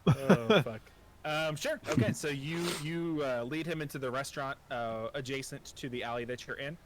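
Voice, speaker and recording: Male game master, mid-pitched, casual and profane, quick to laugh at himself. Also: a crowd in the background. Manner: casual, profane, self-deprecating, many fillers. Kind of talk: narrating a tabletop game.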